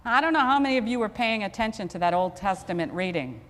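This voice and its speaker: Long church reverb surrounds this woman, an Episcopal priest telling a story during her sermon with a conversational, self-deprecating touch. She talks fast in an animated, mid-range voice that's a bit bright.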